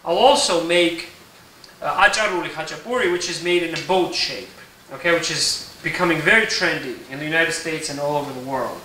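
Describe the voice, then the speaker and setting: A man walks through a recipe in his home kitchen, relaxed and explanatory, often checking in with his viewers. His voice is very bright and slightly high. It sounds roomy and set back from the mic, with faint kitchen clatter behind. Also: a little fast, distant mic, slight background noise. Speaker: home baker teaching a recipe. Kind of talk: casual cooking tutorial.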